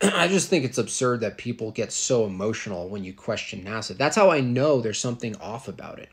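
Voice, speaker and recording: A man's voice: fairly low pitch, animated, brisk. A man in a casual, ranting monologue, scornful and rambling, full of fillers.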